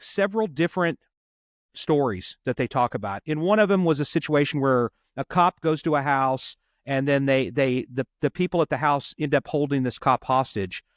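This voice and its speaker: A man's voice: on the high side, no room sound. Earnest storytelling man, dry close sound. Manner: earnest, repeats words while retelling a story. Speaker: police officer. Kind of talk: conversational storytelling.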